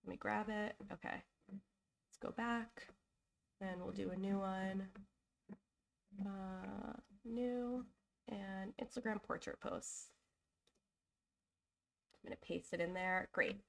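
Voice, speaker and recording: A young woman hosts a live design stream while getting over a cold, and her voice carries a gravelly fry. She chats casually, thinks aloud with lots of fillers and restarts, and is openly apologetic and emotional. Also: mid-range voice, fairly even intonation, slow pace, long pauses, a bit bright, a little hiss or hum. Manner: chatty, thinking aloud with fillers and self-corrections.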